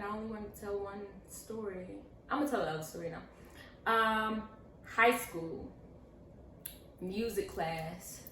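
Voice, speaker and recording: A young woman vlogger with a lowish voice answers viewer questions, telling stories in an animated, chatty way and acting out the voices of people in them. She's seated at home with a pillow, and the echoey room, distant mic, and faint hiss come through.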